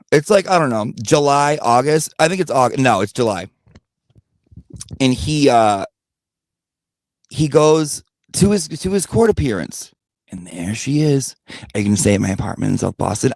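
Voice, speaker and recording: A man's voice: medium pitch, no echo, clean studio sound. A man telling a blunt, profane gossip story in a rambling rant-style monologue. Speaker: channel host.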